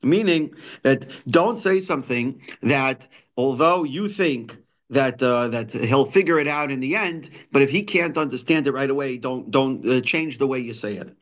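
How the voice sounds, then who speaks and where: A man's voice: medium pitch, moderate pace, a bit bright. A man giving a daily Torah text lesson, reading lines and explaining them in English frequent restarts and fillers. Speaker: Torah teacher.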